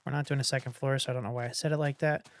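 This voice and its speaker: A man's voice: mid-range voice, steady tone, racing, clear, resonant tone. A man thinking aloud in casual commentary as he builds in a block-building game, rambling and trailing off between ideas. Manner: rambling, thinks aloud while building, hums doop sounds. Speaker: gameplay commentator.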